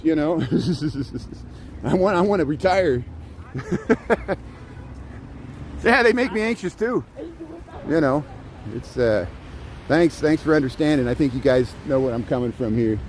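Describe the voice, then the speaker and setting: A man's voice: a little high, unhurried, pauses often, slight background noise. Chatty man livestreaming on snowy streets. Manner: chatty, rambling, chuckles often, greets viewers. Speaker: live-streaming vlogger. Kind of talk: casual walking livestream chat. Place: outdoors on city streets in wet snow.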